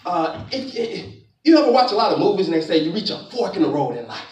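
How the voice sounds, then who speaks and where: High, lively man in an echoey hall. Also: fast, distant mic. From Florida, US. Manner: preacher-like, calls out to the audience. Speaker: motivational speaker. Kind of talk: live motivational talk. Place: large conference auditorium. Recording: echoey hall, speaker off-mic.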